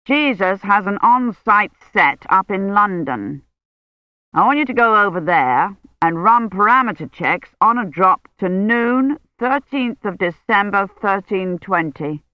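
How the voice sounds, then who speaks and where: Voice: medium pitch, expressive, unhurried, dry recording, pitched above the performer's own voice, lightly acted. A reader voicing an older male academic who presses urgently for help. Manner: urgent, persuasive. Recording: dull lo-fi sound.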